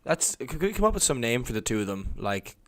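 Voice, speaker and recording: A man's voice: mid-range voice, big pitch swings, a little fast, a bit bright. A man hosting a casual group podcast, laid-back and joking, swearing now and then. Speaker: podcast host.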